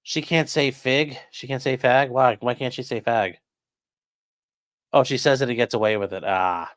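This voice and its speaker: Man host live-streaming, smooth voice, loose and profane, chatty asides to viewers. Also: medium pitch, normal speed. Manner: rambling, profane, jokey asides to chat. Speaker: livestream host. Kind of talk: casual live-stream commentary.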